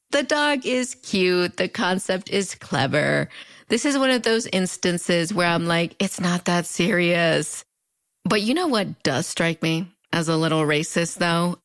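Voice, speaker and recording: A woman's voice: a bit bright, dry recording, clean studio sound. A woman in her thirties with a fronterizo border accent, narrating a video essay in a wry, conversational way. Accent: fronterizo (US–Mexico border). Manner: wry, conversational, with big playful pitch swings. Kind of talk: scripted narration. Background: background music.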